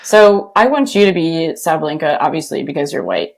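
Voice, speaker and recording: A woman hosting a podcast in casual, animated chat, often laughing. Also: low-pitched, a little fast, gravelly. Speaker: podcast host.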